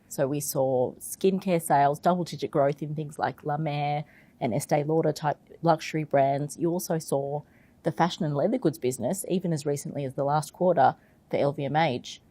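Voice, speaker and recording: A woman with a low, warm voice speaks as an investment expert in an interview. She explains at length, often leaning on "you know" and restarting phrases. Her tone is mellow rather than bright. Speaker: investment research head and portfolio manager.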